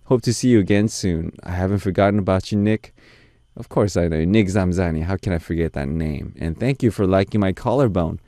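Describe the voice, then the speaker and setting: A man's voice: deep voice, brisk, warm tone, dry recording, clean studio sound. A man hosting a radio music show, reading listener messages aloud and answering them with playful, teasing asides. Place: radio studio. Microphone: studio mic.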